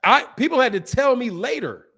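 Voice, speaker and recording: High-voiced man telling casual stories. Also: lively intonation, normal speed, creaky, bright, forceful tone, slightly rough. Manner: loose, storytelling, lots of "man" and "bro". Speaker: boxing channel host. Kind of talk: casual live-stream chat.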